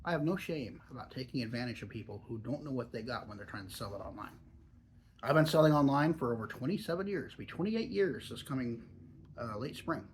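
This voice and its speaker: A man's voice: medium pitch, expressive, brisk, slight background noise. A man in his forties talking in a chatty, rambling, easygoing way while reviewing a product for a casual vlog.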